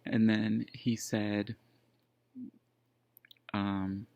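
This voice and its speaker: A man's voice: fairly low pitch, flat delivery, very slow, a little mellow, dry recording. A man casually telling a personal story, rambling with lots of fillers and restarts. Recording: dull lo-fi dry sound.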